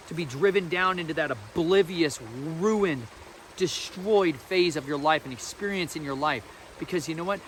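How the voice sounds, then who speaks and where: Earnest, higher-voiced man preaching. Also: a bit bright, slight background noise. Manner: earnest, emphatic and colloquial. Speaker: faith podcast host. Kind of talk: informal spiritual teaching.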